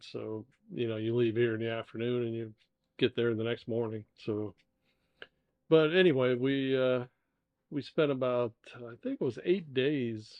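Co-hosting a casual podcast from a dining room, the father, an older man from the United States, tells easygoing, meandering travel stories sprinkled with "uh" and "you know." His voice is middle-pitched, and the recording sounds dry and slightly dull with no echo.

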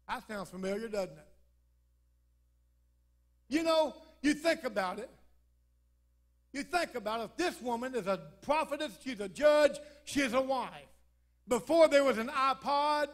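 A man preacher telling a lively, joking story in a humorous sermon at church. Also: very high-pitched.

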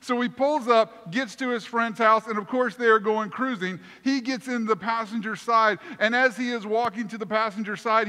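A male pastor delivers his sermon in a high, bright voice that carries long reverb through the church sanctuary. He tells his story with animated energy and pokes fun at himself. The delivery is warm-hearted storytelling from the pulpit. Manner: animated, self-deprecating storyteller.

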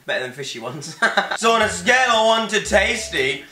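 A man's voice: high voice, very animated, moderate pace, pushed and bright, roomy sound, soft background music. A young man hosting a casual taste-test vlog with friends, playful and giggly. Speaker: vlogger host.

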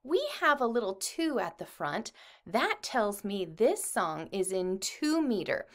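A woman music teacher leading a children's lesson, speaking slowly and encouragingly to the kids. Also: mid-range voice, big pitch swings, a bit bright. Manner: slow, encouraging, addresses children.

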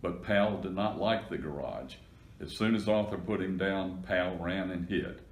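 A man reading a children's storybook aloud with steady, plain narration. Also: low-pitched, unhurried. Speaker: reader. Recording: echoey room.

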